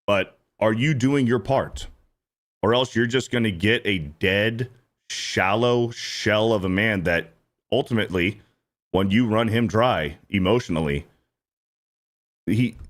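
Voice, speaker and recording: A man's voice: lowish voice, unhurried. A man in his thirties hosting a stream, ranting in casual, profane reaction commentary and repeating himself often. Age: 30s. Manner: animated, repetitive, profane ranting. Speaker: streamer host reacting to clips.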